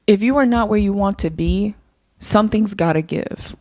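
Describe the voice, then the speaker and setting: A young woman hosts her own podcast in a casual solo monologue, rambling candidly off the cuff and swearing freely. Her mid-range voice has a darkish tone and moves at a normal speed, recorded with studio quality and no room sound.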